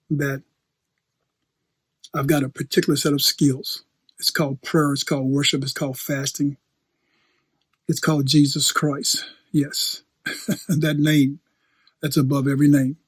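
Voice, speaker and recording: Male preacher, breathy tone, dry close sound; loose, storytelling sermon delivery with restarts. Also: fairly high pitch, flat delivery, a little slow, long pauses, no room sound. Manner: chatty, laughs often, repeats and restarts phrases. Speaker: pastor. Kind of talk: conversational sermon.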